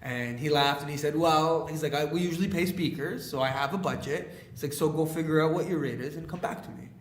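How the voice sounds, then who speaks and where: A young Canadian man, a leadership speaker, telling stories in a casual podcast interview. He talks in an animated way, acts out quoted dialogue and uses many fillers. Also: on the high side, fairly quick, echoey room.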